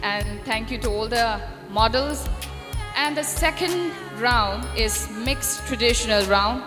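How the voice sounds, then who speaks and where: A woman's voice: a little high, takes it slowly. A woman emcee, announcing a live stage show in a formal manner with occasional hesitant fillers. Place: festival stage through PA system. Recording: echoing PA sound with long reverb. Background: music playing.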